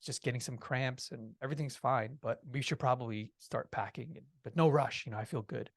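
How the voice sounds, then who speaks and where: A man quoting his pregnant wife in a calm, reassuring voice close to his own. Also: mid-range voice, fairly quick, gravelly, no echo. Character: calm pregnant wife, young adult woman.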